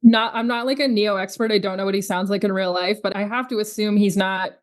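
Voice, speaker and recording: A woman co-hosting a film review podcast in a casual, chatty way. She recaps scenes and slips in historical asides, at a middle pitch for a woman. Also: fairly even intonation, fast talker. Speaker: podcast co-host.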